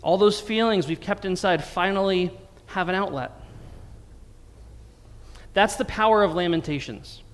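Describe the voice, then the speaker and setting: An American man preaching from the pulpit, his voice sitting high for a man. He talks to the congregation conversationally and slips in dry jokes. A long church reverb trails each phrase. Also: measured pace, pauses often, smooth. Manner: conversational, wry humor. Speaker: pastor. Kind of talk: sermon. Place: church sanctuary.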